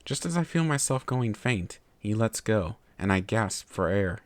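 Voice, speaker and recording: A man narrating a fan fiction story in a steady, measured way. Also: lowish voice, no echo. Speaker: story reader.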